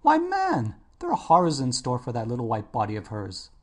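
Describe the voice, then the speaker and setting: Earnest older male painter, a male reader's character voice, husky, lively pitch, pleading and reproachful. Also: moderate pace. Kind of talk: audiobook character voice.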